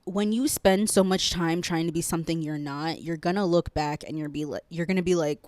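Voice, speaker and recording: A young woman hosts a solo podcast in a lowish voice, earnest and rambling as she makes her point. She swears casually and sounds choked up. The sound is dry and close, with no room around it. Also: brisk, darkish tone, dry recording. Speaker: podcast host.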